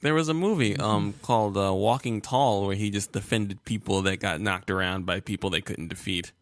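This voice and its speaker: A man co-hosting a casual comedic podcast, trading quick deadpan wisecracks. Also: on the low side. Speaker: podcast co-host.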